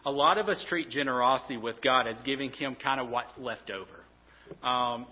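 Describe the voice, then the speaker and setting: A man's voice: medium pitch, moderate pace. An earnest male pastor delivering a sermon, often tripping over and repeating his words. His voice carries a long reverb, as if from a large hall. The sound is slightly dull and muffled.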